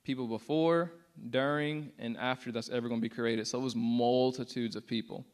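A man's voice: mid-range voice, fairly even intonation, normal speed, clean tone. A young man giving a casual, earnest testimony to a church audience, with many fillers. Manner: casual and earnest, many "like" fillers, acts out quotes with rising intensity. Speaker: speaker sharing a testimony.

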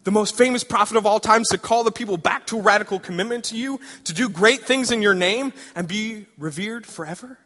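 A man preaching and voicing an excitable young male prophet who eagerly guesses at his calling in a long, echoing hall. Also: a little high, fast, few pauses, lightly acted. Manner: breathless, excited, rising questions.

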